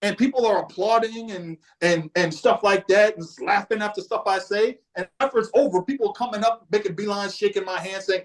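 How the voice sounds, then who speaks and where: A man's voice: high voice, a little fast, few pauses, rough recording. A man from Boston, a guest on a podcast, telling a laid-back, profane story in casual conversation. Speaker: podcast guest, music historian.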